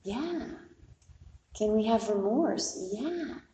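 A woman's voice: a little high, lively intonation, takes it slowly, dark tone, echoey room. A woman meditation teacher giving a dharma talk in a plainspoken, conversational way with candid asides.

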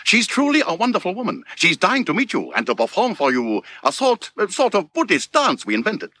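An actor playing an eager, foolish husband in a dubbed TV series, fawning and overeager, with a husky voice. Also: male voice, high voice, huge pitch swings, brisk, sharp tone, heavily acted.

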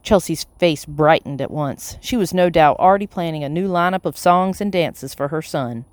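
An audiobook narrator reading a children's chapter book in a steady, even voice. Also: medium pitch, normal speed, dry recording. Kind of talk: scripted storybook narration.

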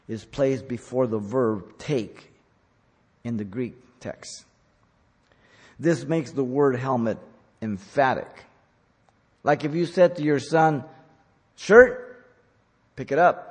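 A man preaching a sermon as a pastor, deliberate and emphatic, pressing hard on key words. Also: medium pitch, darkish tone, slightly rough. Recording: long hall reverb.

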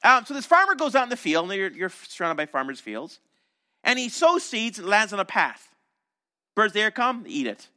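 A man's voice: sits high, sing-song, moderate pace, pushed and bright. A man preaching a sermon as a pastor, telling the story animatedly and acting out the voices of crowds and disciples.

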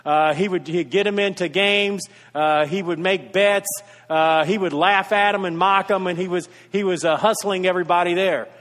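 A man's voice: high-pitched, moderate pace, fairly bright tone. A man preaching a sermon as pastor, earnest and repeating his key points for emphasis, with storytelling asides. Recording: reverberant hall.

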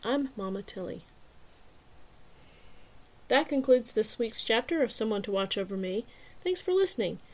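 A woman reading an audiobook chapter aloud in a calm, measured, soft-spoken way. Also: fairly high pitch. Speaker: podcast narrator. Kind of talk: audiobook narration.

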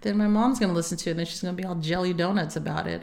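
Casting: woman podcast co-host, lively storyteller, laughs often, squeaky quoted voices. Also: racing, creaky. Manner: animated, laughing, acts out quotes in high squeals. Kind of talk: casual storytelling chat.

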